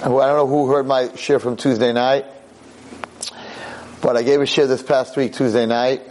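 A man giving a Torah lecture as a rabbi, impassioned, dropping low and grave then rising into sharp outbursts. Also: little pitch movement, normal speed, slight background noise.

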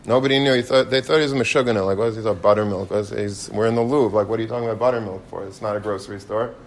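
A man's voice: fairly low pitch, rapid-fire. A man giving an informal sermon, telling stories with energy and building into passionate exhortation. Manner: animated storyteller, rising to passionate exhortation. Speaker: rabbi giving a Torah talk.

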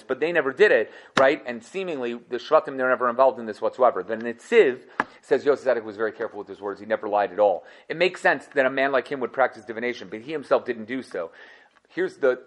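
A man giving a quick, lively Torah lesson, acting out the quotes with big jumps in his voice. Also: medium pitch. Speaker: Torah teacher. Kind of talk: fast, animated Torah lesson.

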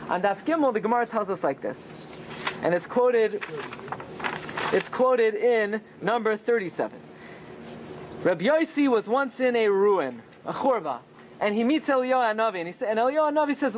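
Man, rabbi, Torah class, rhetorical questions, pitch rising and falling for emphasis, faint background hiss. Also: lively intonation, fairly quick. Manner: asks rhetorical questions and answers them himself; swings between high and low pitch for emphasis. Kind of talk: Torah class with Talmud study.

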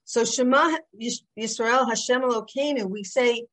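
A woman giving a religious class, telling the story with lively rises and drops in her voice. She acts out the quoted speakers with her own voice and keeps a teaching tone throughout. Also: fairly high pitch, moderate pace. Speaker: Torah teacher.

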